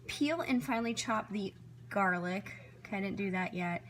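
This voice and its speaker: In her home kitchen, a woman chats casually to the camera for a cooking vlog, thinking aloud as she chops vegetables and follows a recipe. Her mid-range voice is fairly bright and moderately paced. Knives, dishes and pans clatter behind her, and there's a little hiss or hum.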